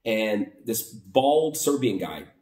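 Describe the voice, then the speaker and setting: A man's voice: lowish voice, slow, reverberant, recorded from a distance. American man telling a travel story. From United States. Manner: animated retelling, acting out both sides of conversations. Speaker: vlogger. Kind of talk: casual storytelling monologue.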